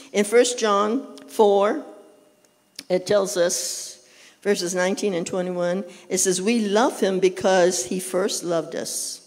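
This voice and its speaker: Preaching man in a reverberant church. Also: sits high. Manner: animated preaching, acts out quoted prayers. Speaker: pastor. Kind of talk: sermon. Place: church sanctuary. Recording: long hall reverb.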